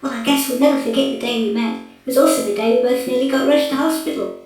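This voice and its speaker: A man voicing a giggly, clumsy female robot sweetheart in a falsetto for an audiobook. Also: quick pace, gravelly. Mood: chirpy. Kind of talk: audiobook character voice. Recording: echoey room, voice from afar, music behind.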